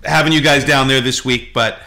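A middle-aged man hosting a chatty podcast, his voice bright and forward. He rambles through anecdotes, stopping on filler words and slipping into little voices for the people in his stories. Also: mid-range voice, fairly even intonation. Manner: rambling storyteller, frequent halting fillers, does voices in anecdotes. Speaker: podcast host. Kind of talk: casual podcast chat.

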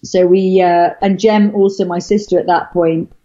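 A woman's voice: lowish voice, level tone, normal speed, mellow. A middle-aged woman from Wales, a guest telling her story in casual chat, rambling with many fillers and restarts. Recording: dull lo-fi sound.

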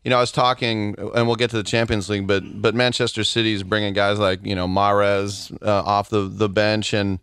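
Excitable man, smooth dry voice. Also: fairly low pitch, a little fast, few pauses, no echo. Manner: excitable, rambling. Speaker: podcast co-host. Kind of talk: casual sports chat.

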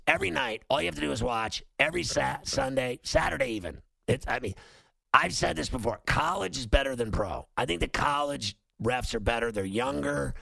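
Gravelly guy venting hard on a sports show, dry close sound. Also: medium pitch, fairly bright tone, dry recording. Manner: ranting, heated, repetitive. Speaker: host. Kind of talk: opinionated sports talk monologue.

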